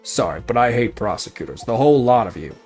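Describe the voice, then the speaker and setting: A man voicing a cocky, combative male Interpol agent from a mystery game, in a gruff, mocking, clipped voice. The agent is read aloud on a livestream. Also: mid-range voice, animated, quick pace, a little mellow, natural voice. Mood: scornful. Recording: faint music behind.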